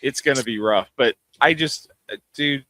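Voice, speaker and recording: Podcast cohost dude, cusses a lot, bright lively voice, dry close mic. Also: male voice, mid-range voice, normal speed, dry recording. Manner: profane, blunt opinions. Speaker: podcast co-host. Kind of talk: casual chat.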